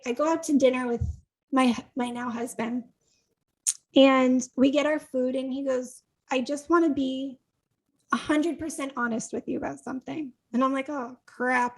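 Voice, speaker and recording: A podcast guest from Connecticut, USA, with a voice that sits high, tells a casual story over poor audio. Her chatty, animated delivery includes acted-out dialogue, quick laughs, and plenty of "like."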